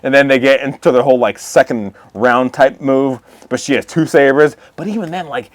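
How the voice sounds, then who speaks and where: A man co-hosting a podcast, chatting casually in a mid-range voice and jumping into quick impressions of characters as he retells scenes. The sound is dry and close, with no room around it. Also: mid-range voice, dry recording. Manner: animated, acts out characters' lines while retelling, laughs often. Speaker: podcast co-host. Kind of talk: casual chat recapping a show.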